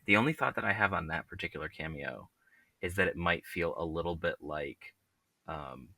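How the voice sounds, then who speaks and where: A man's voice: deep voice, animated, moderate pace, gravelly, pushed and bright, dry recording. A man in his thirties co-hosting a podcast in casual chat, with brief, matter-of-fact remarks. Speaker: podcast co-host.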